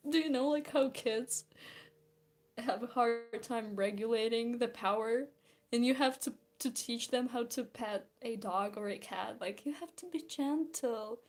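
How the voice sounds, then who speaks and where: Slow, giggly young woman. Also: on the high side. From Belarus. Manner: rambling, giggly, trails off. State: tired. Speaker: streamer. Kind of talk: casual chat while drawing.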